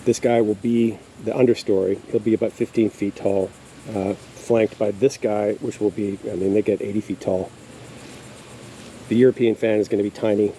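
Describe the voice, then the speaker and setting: A man's voice: fairly low pitch, steady tone, normal speed, warm tone, rough recording. A man giving a casual, rambling tour of his backyard garden outdoors, hesitating often with fillers. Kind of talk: casual walking tour narration. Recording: faint outdoor insect noise.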